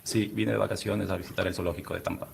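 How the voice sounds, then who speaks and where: Deep-voiced, rapid male witness. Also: flat delivery, gravelly, slight background noise. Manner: hesitant, with "eh" fillers. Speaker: trial witness. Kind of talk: courtroom testimony.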